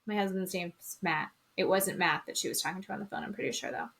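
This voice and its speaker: A woman co-hosting a podcast, casually retelling a reality show with lively, dramatic quoting of the people in it. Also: medium pitch, fast talker, creaky. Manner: animated gossipy storytelling, acting out quotes. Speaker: podcast co-host. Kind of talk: casual chat recapping reality TV.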